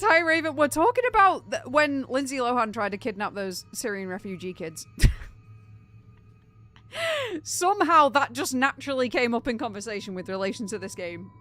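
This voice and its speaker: A young British woman chatting casually on a game live stream, animated and incredulous, laughing often. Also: fairly high pitch.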